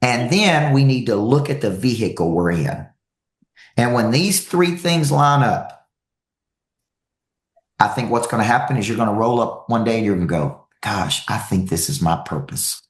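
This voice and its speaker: A man giving a motivational talk to an audience as a coach, telling stories with lively energy and repeating phrases for emphasis. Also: mid-range voice, moderate pace, reverberant.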